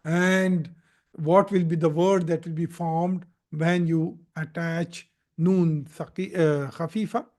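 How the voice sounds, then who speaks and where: Slow, high-voiced man teaching grammar. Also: fairly even intonation, warm tone. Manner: slow, repetitive explaining with frequent "Okay?" checks and self-corrections. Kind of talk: live recorded grammar lesson. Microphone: recorded in a live video session.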